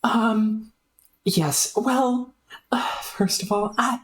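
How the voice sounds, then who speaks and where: A woman's voice: fairly high pitch, steady tone, very slow, voice pushed up. A woman voicing a polite, flustered young woman who speaks with prim, apologetic courtesy in a raised voice.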